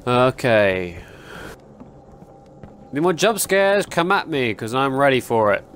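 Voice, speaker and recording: A man's voice: mid-range voice, sing-song, takes it slowly, a bit bright, slight background noise. A young man giving jumpy, exclaiming commentary while playing a horror game and talking to its characters. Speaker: gaming YouTuber.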